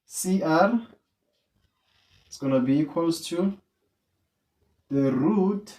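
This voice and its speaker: Slow, patient maths tutor. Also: medium pitch, expressive, mellow. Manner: repeats questions to draw answers from students. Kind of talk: online maths lesson.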